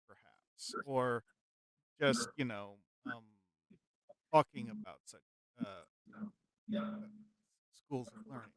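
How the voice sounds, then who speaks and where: Smooth, hesitant man at the game table. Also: medium pitch, takes it slowly, pauses often, no room sound. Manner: hesitant, searching for words. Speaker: player.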